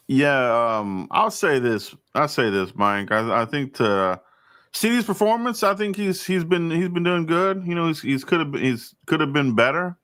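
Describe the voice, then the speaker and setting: A man's voice: a little high, animated, normal speed, a bit bright, dry recording, studio quality. A man co-hosting a sports podcast, talking casually and restarting his sentences often. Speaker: podcast co-host.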